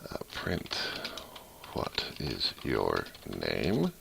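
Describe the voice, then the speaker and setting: Very deep gravelly man thinking aloud. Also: huge pitch swings, very slow, noisy background. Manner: thinks aloud, reads code out while typing; rambling, many restarts. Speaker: hobbyist programmer. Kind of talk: casual coding walkthrough.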